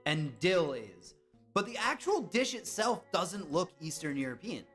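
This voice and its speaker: A man's voice: high-pitched, big pitch swings, unhurried, a bit bright, faint music behind. A young man chatting casually on a live stream, guessing along with his chat and reacting to their comments.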